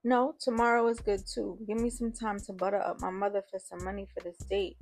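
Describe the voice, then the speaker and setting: A woman voicing a teasing, sarcastic teenage boy on the phone in an audio story, her voice a little gravelly. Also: mid-range voice, level tone, fairly quick, a little mellow, lightly acted. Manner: joking, sarcastic.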